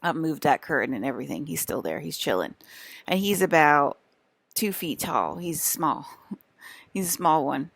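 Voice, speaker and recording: A woman's voice: low-pitched, lively intonation, moderate pace, vocal fry, husky, dry recording. A young woman vlogger in a rambling monologue to camera, scolding and exasperated, repeating herself with lots of fillers.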